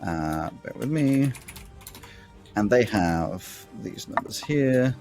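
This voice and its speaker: A man runs a tabletop game as its game master, narrating with quick, laughing bursts. His pitch swings widely as he describes each move. Soft fight music plays underneath. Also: lively intonation. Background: faint fight music.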